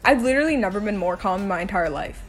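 In a car-set role-play skit, a woman voices a girlfriend driving her partner home, addressing the listener fast in a mid-range voice. She keeps swearing even as she insists she is perfectly calm.

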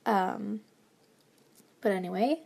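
Speaking slowly in a mid-range, gravelly, slightly rough voice, a college-age young woman rambles hesitantly through a casual chat. She often slips into a whisper, and a lingering cold leaves her nose stuffy. Fillers and quiet laughter come up a lot.

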